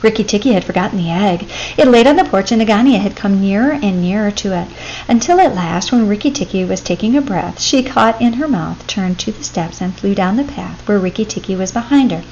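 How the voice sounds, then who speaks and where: Woman reading a kids story out loud, steady and expressive, bit of faint hum behind. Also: mid-range voice, brisk, muffled recording. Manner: expressive, steady read-aloud pacing. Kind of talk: children's story read aloud.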